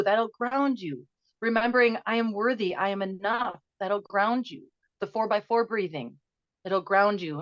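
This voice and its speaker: A woman's voice: medium pitch, dry recording. Earnest woman guest on a dull, dry line. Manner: earnest, emotional, talks in quick bursts. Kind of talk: conversational interview, guided breathing.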